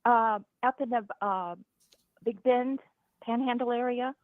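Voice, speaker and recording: A middle-aged woman calling into a livestream, speaking in a slow, weary way with sighs and hesitations. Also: on the high side, fairly even intonation, no room sound. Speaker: caller. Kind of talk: phone call into a livestream. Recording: tinny phone line.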